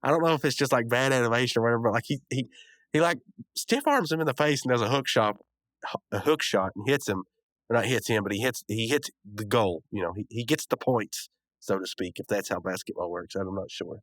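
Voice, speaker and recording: This medium-pitched man has a fairly bright tone and a brisk delivery, recorded dry. As podcast host, he recaps a cartoon episode in a loose, rambling way, chuckling and leaning heavily on fillers.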